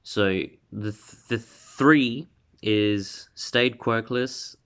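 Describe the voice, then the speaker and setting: Man narrator, homemade fan story, low voice, slow and rambling. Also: fairly bright tone, smooth. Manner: rambling, full of restarts and fillers. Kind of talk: casual unscripted story narration.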